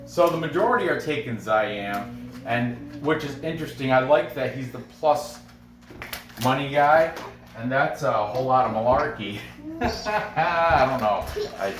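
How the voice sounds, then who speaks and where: A man's voice: mid-range voice, expressive, unhurried. A man hosting a casual sports betting picks video, chatty and self-correcting, often breaking into laughs. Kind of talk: casual rambling commentary. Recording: roomy, from a distance, faint background noise.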